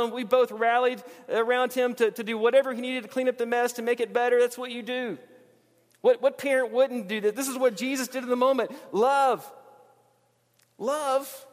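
Earnest high-voiced preacher in a reverberant hall. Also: male voice, fairly even intonation, fairly quick. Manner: earnest, emphatic, repeats phrases. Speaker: pastor. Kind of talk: sermon. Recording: long reverb of a large hall.

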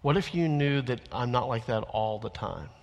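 A male minister delivers an earnest sermon, swinging between loud, emphatic declarations and hushed, confessional asides. His voice sits at an ordinary middle pitch. The sound rings with the long reverb of a large church sanctuary. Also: lively intonation, moderate pace.

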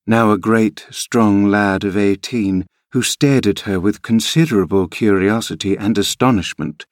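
Guy reading an old novel aloud, lowish voice, dead dry room. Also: no echo. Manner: measured storytelling. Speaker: narrator. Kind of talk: audiobook reading.

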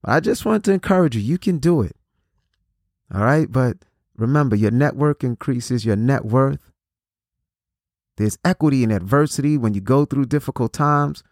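Gravelly, preachy motivational speaker, a man. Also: medium pitch, lively intonation, normal speed, pauses often, a little mellow, dry recording, clean studio sound. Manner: preachy, repeats phrases, restarts often. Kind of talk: motivational talk.

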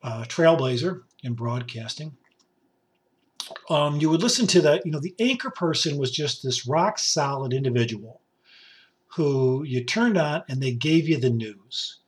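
A man in his sixties, hoarse and raspy from a cough, hosting a rambling, jokey solo podcast from a basement home studio. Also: a little high, expressive, measured pace. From upstate New York. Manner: rambling, jokey, with many fillers and asides. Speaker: podcast host.

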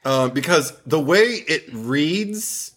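A man's voice: on the high side, expressive, slow, a bit bright. Giggly, musing man. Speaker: podcast co-host. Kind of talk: casual chat.

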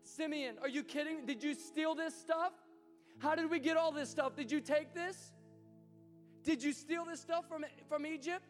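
A man's voice: very high-pitched, fairly even intonation, moderate pace, pitched above the performer's own voice. A male preacher voicing a startled brother who incredulously accuses the others. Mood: shocked. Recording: hall reverb with soft music.

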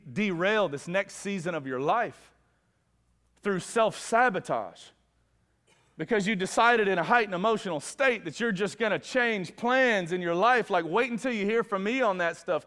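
A male pastor preaching a sermon with fervor, his voice swinging from hushed lows to loud, ringing peaks. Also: expressive, normal speed. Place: church sanctuary. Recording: long reverb of a large hall.

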